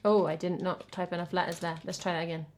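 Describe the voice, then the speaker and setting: Speaking quickly with a fairly low, level voice, an English woman from England chats casually between songs on her music stream. She reads the chat and thanks viewers, chatty and self-deprecating.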